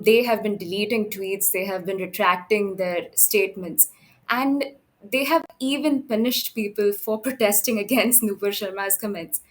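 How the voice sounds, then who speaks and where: A woman's voice: mid-range voice, poor audio. Woman interviewer. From India. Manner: earnest, with filler pauses. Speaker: interviewer, host. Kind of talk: prepared interview questions.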